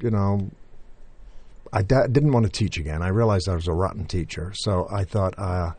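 A man's voice: fairly low pitch, a little mellow, no room sound. An older man from England, now with an American accent, telling stories in an interview with many fillers and restarts. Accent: General American. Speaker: interview guest. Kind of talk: conversational interview.

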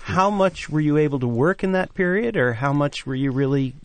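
A man's voice: a little high, lively intonation, a little fast. A man interviewing a guest, asking engaged, emphatic questions.

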